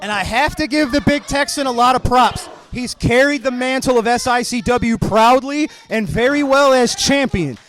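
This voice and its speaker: Excitable high-voiced wrestling announcer man. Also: normal speed, hardly any pauses. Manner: excited, often shouting calls. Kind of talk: live wrestling commentary.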